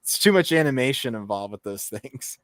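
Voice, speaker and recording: A man's voice: medium pitch, animated, brisk, no room sound, studio quality. A man co-hosting a casual livestream chat, rambling with lots of "like" and laughing often.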